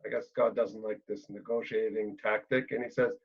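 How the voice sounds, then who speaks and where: A man lecturing on a Bible passage, thinking aloud with pauses and fillers and often checking in with "right?". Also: lowish voice, little pitch movement, creaky, breathy edge, muffled recording.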